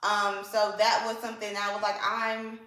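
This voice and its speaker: A woman's voice: medium pitch, level tone, moderate pace, bright, forceful tone. A woman giving a casual, opinionated book review, emphatic and repeating points for effect. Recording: echoey room.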